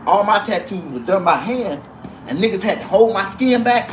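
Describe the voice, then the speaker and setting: Rambling, animated man on a livestream. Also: sits high, brisk, over music. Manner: rambling and animated, swinging between loud outbursts and mumbling. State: out of breath. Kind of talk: casual livestream rant.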